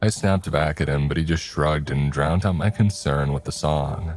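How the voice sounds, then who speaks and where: A man reading a horror story aloud in a steady first-person narration. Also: a bass voice, normal speed. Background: faint music.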